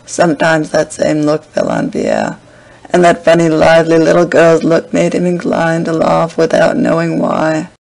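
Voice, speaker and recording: A man reads a classic novel aloud at a steady pace. His voice sits a bit high and carries a strong gravelly fry. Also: moderate pace, low-quality recording. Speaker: audiobook reader. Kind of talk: scripted narration.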